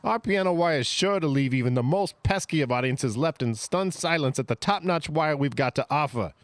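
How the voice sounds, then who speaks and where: A man's voice: animated, fairly quick, no room sound, natural voice. A man voicing a shady, cheery wire salesman in a spoof ad, with a put-on accent wandering between Canadian and Italian. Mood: cheery sly. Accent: put-on mix of Canadian and Italian. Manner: chirpy sales pitch with gangster slang. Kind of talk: parody radio ad.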